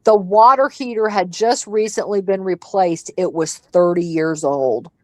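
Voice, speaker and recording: A woman's voice: lowish voice, unhurried, darkish tone, no room sound, poor audio. A middle-aged woman hosting a casual chat, blunt and profane as she rants. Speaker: host.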